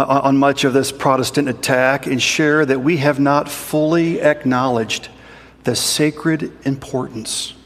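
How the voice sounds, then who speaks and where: A man preaching a sermon in a measured, explanatory way with rhetorical asides. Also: mid-range voice, long reverb tail. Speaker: pastor.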